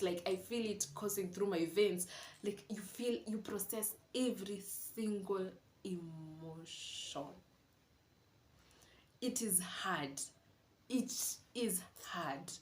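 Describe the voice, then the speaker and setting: A woman's voice: medium pitch, a little mellow. A young woman, talking candidly and confidingly to camera in a casual vlog from her home. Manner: candid, confiding, mixes in Swahili words. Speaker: vlogger. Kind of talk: casual reflective monologue. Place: room at home. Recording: echoey room with faint ambient noise.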